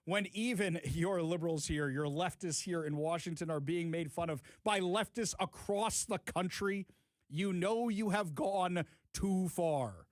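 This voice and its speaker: A man's voice: sits high, a little slow, no echo. A man hosting a talk radio show, mocking and emphatic as he gives his opinions.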